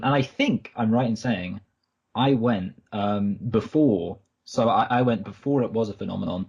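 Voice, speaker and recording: Rambling husky man podcast host. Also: fairly low pitch, normal speed, a little mellow, highs cut off. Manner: rambling, self-correcting storyteller. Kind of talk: casual podcast chat.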